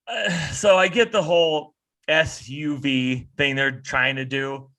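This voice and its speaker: A man with a fairly high, bright voice rants on a podcast over a video call. He is animated and profane, and he breaks into mocking impressions. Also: slow. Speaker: podcast co-host.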